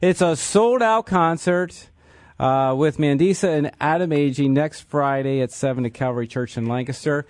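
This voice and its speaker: A man hosting a radio interview, friendly and quick to laugh. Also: a little high, no echo, studio quality. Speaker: radio host.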